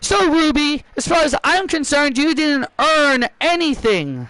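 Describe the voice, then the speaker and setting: An arrogant woman wrestling champion, as a man voices her, brushes off a challenger with scorn. The voice is very high and the pace slow and heavy. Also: big pitch swings, bright, forceful tone, no room sound, full character voice, rough recording. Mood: scornful. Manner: dismissive, scolding. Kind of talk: voicing wrestlers over a video game.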